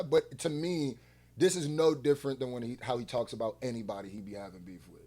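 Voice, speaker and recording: A man reacting to a clip in casual commentary, animated and mocking, often dropping to a low mumble to quote someone. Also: fairly quick.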